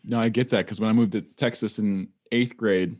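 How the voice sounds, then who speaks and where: A man's voice: on the low side, fairly even intonation, moderate pace, a little mellow. A man from Wisconsin hosting a podcast, chatting in a laid-back, slangy way. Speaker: podcast host. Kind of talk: casual podcast chat.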